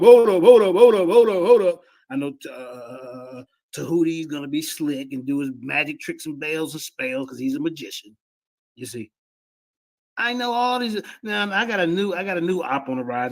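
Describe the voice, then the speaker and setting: A man taunts his opponents in live commentary on debate clips, boastful and repetitive, calling out to his viewers. His voice sits high and lively, swooping up and down with a gravelly edge. He sounds cocky and relentless. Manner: boastful, mocking, repetitive, addresses chat as "y'all". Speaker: streamer reacting to debate clips. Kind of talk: trash-talking live commentary.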